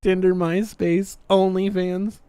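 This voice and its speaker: A woman's voice: on the low side, level tone, slow, mellow, clean tone, dry recording, clean studio sound. Sarcastic ranting woman podcaster. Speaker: podcast host. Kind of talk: casual podcast commentary.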